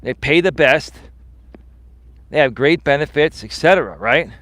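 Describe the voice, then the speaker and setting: Animated man storytelling on a walk. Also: on the high side, moderate pace, dry recording. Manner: animated storyteller, acts out quotes, swears casually. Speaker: life coach and host. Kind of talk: casual live-stream storytelling while walking. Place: outdoors while walking.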